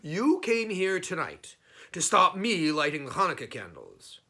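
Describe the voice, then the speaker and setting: A man's voice: high-pitched, huge pitch swings, measured pace, sharp tone, voice pushed up, full character voice. A man playing a clever, teasing folk hero.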